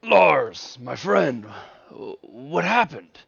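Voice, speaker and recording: A man voicing a commanding male werewolf pack leader who speaks in a booming, old-fashioned way, over muffled voice chat. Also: big pitch swings, very slow, creaky, a bit bright, husky, dry recording, full character voice. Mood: alarmed. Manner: booming, archaic speech.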